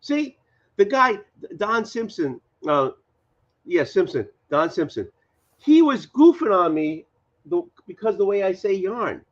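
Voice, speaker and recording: A man with a Boston accent in a casual chat, animated and insistent, often repeating himself. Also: sits high, a little slow, lo-fi sound.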